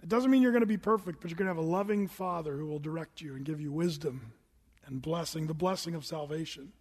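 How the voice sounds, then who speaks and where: A middle-aged man preaching a sermon as pastor, telling a story with animated swings that climb to shouts. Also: a little high, fast talker, breathy edge. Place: church sanctuary. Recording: long hall reverb.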